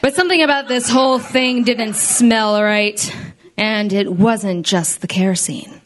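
A woman narrating as a hardboiled, wisecracking female detective in a comedy radio play, deadpan and full of puns. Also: on the high side, measured pace, crowd noise, natural voice.

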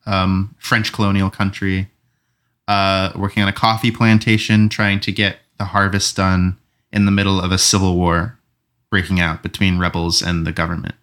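A man with a low but bright, forceful voice, hosting a relaxed movie podcast. He talks with casual enthusiasm, laughs easily and drops the odd swear word. His tone stays conversational and loose. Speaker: podcast host. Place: room recorded together in person.

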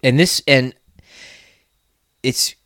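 A man's voice: mid-range voice, very slow, fairly bright tone, dry recording, clean studio sound. A young Australian man co-hosting a podcast, chatting casually with lots of swearing and stumbling restarts. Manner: rambling, sweary, many restarts. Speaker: podcast co-host. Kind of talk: casual chat.

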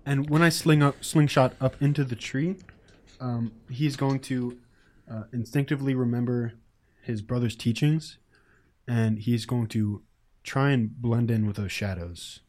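A man's voice: mid-range voice, fairly even intonation, unhurried, darkish tone. A man playing in a tabletop game, reacting with exclamations and describing what his character does, a little hesitant.

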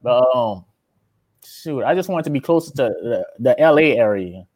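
A man's voice: medium pitch, animated, moderate pace, darkish tone, dry recording. A young man with a Louisiana accent, chatting casually as an interviewee, laid-back and drawling, often calling the listener man or brother. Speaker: interviewee, aspiring rapper.

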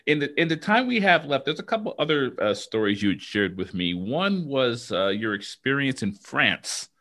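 A man's voice: mid-range voice, very animated, moderate pace, a bit bright. A man hosting a podcast, chatting casually and prompting his guest with questions. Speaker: podcast host. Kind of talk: casual interview conversation.

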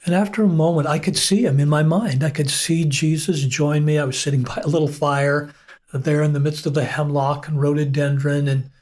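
A middle-aged male pastor telling his personal testimony as an interview guest, earnest and unhurried, with frequent pauses. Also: on the high side, steady tone, a little mellow.

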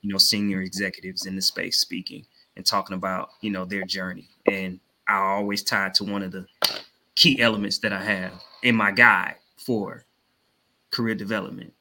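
A man co-hosting a live podcast, with a lowish voice and a bright, forward tone. He talks in a laid-back, casual way, easygoing and conversational. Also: flat delivery, moderate pace, a little hiss or hum, low-quality recording. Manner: laid-back, plugs his own content. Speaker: podcast co-host.

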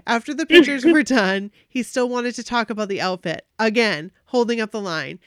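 A woman co-hosting a podcast, reading a fan's story aloud in an animated way. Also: on the high side, moderate pace, no echo, studio quality.

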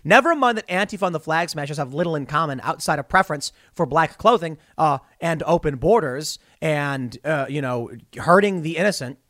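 A man hosting opinionated political commentary, animated and wry, with mocking asides. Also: a little high, a little fast, hardly any pauses, no echo, clean studio sound.

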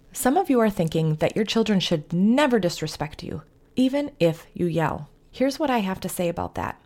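Earnest woman giving calm parenting advice. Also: mid-range voice. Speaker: podcast host, family therapist. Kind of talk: faith-based parenting advice talk.

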